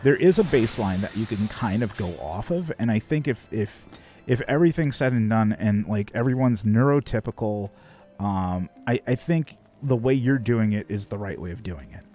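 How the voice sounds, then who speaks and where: Lively, swearing male streamer. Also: fairly low pitch, moderate pace, soft background music. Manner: swears a lot, rambling with many fillers. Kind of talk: casual chat on a live stream.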